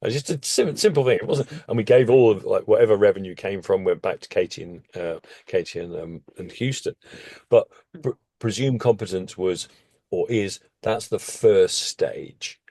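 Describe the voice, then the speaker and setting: A man, a guest telling a story in casual conversation, animated and often leaping suddenly up in pitch. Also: normal speed, no room sound. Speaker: interview guest.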